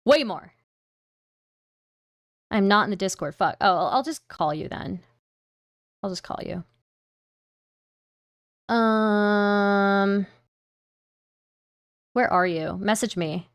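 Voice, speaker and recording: A woman's voice: mid-range voice, takes it slowly, pauses often, clean tone, no room sound, studio quality. A woman streamer chatting casually on a livestream, rambling, swearing now and then and laughing often.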